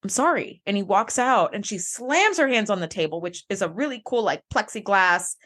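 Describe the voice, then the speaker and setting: A woman's voice: medium pitch, lively intonation, normal speed, a bit bright. A woman co-hosting a podcast, chatting casually and acting out characters' lines with animation. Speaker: podcast co-host. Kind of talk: casual recap chat.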